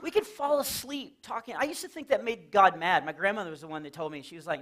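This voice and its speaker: A middle-aged man from Texas doing live Christian stand-up in a church, telling stories with lively acted-out quotes. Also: a little high, a little fast. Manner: animated storytelling with acted-out quotes and laughs. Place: church hall with a live audience.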